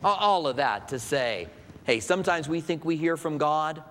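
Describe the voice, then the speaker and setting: Guy preaching, slightly high voice, chatty with lots of questions, big hall echo. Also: moderate pace, fairly bright tone. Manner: conversational preaching with rhetorical questions. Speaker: pastor. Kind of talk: sermon. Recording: long hall reverb.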